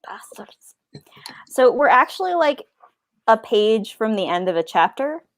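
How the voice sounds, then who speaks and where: A woman's voice: fairly high pitch, sing-song, normal speed. A woman co-hosting a podcast in casual chat, joking and laughing often. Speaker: podcast co-host.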